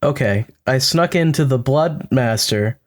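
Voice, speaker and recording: A man's voice: medium pitch, expressive, a little slow. A man co-hosting a casual podcast, talking hesitantly and searching for words. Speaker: podcast co-host. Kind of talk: casual chat.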